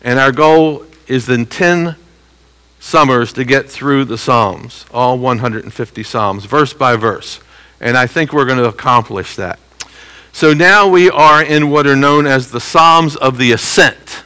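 A man teaching a Bible passage verse by verse in a conversational way, checking in with listeners and slowly repeating key phrases for emphasis. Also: medium pitch, bright, forceful tone, smooth, rough recording. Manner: conversational teaching with frequent "okay?" check-ins.

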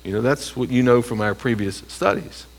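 A man teaches from the Bible, reading verses aloud, commenting between phrases, and emphatically answering questions he poses himself. His mid-range voice is gravelly and expressive, at normal speed.

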